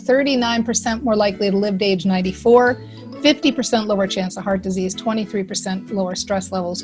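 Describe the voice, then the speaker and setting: A woman giving an upbeat, chatty self-help presentation to a live online audience, full of "like" and quick asides. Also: mid-range voice, darkish tone. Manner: upbeat, chatty, lots of fillers and likes.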